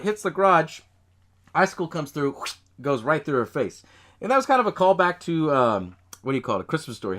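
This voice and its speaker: Man, podcast host, casual movie recap, swearing, laughing, lively pitch, slightly high voice. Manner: animated, profane, laughs often, acts out quotes.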